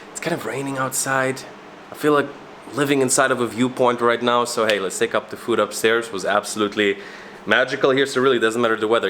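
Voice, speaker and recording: A man's voice: lowish voice, fairly bright tone, a little hiss or hum. Chatty upbeat travel vlogger man. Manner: chatty, upbeat, loose self-corrections. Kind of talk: casual travel vlog.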